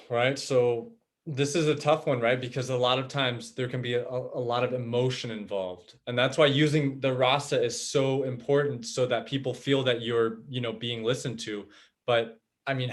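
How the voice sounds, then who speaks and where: Male webinar trainer, mid-pitched, chatty, keeps asking "right?" over a video call. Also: fairly even intonation, normal speed. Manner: conversational, frequent "right?" checks. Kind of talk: live webinar teaching.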